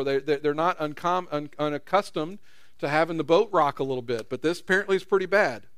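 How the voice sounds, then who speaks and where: A man's voice: on the high side, clear, resonant tone, no room sound, studio quality. A man preaching a sermon in a conversational way, acting out quotes with rising intensity. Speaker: pastor.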